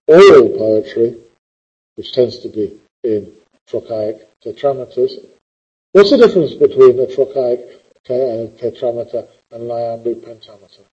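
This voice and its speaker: Husky, mellow-voiced male lecturer, lo-fi. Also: medium pitch. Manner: animated, teasing, sarcastic asides. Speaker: literature lecturer. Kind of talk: classroom lecture. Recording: dull lo-fi classroom recording.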